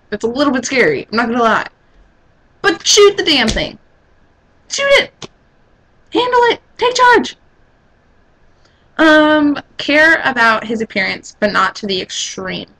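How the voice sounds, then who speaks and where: A young woman of eighteen from Texas speaks her mind in a casual vlog. Her voice sits in a middle register but leaps high when she gets exasperated. She is blunt and opinionated throughout. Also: sharp tone, rough recording.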